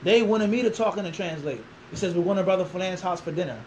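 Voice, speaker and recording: A man telling a long story as an interview guest, animated, acting out quoted dialogue and throwing in rhetorical questions. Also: high voice, fast, slight background noise, low-quality recording.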